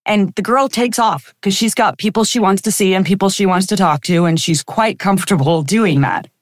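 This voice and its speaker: A woman's voice: mid-range voice, moderate pace, no room sound. A woman in her fifties, a chiropractor guest on a podcast, telling personal stories in a reflective, anecdotal way with frequent fillers. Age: 50s. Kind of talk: casual interview storytelling.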